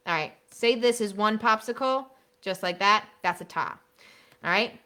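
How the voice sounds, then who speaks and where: This is an upbeat woman leading a live teacher workshop, with a bright, forceful voice. She talks in a lively, chatty way and breaks into short demonstration songs. The pitch sits at a mid level for a woman. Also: moderate pace. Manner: energetic, chatty, sings demo songs. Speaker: elementary music teacher.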